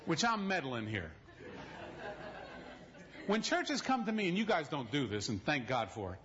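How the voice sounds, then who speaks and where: High-voiced preacher with direct, animated delivery. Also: male voice, normal speed, pauses often. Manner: animated storytelling, direct, humorous asides. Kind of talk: sermon. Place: church. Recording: dull lo-fi recording.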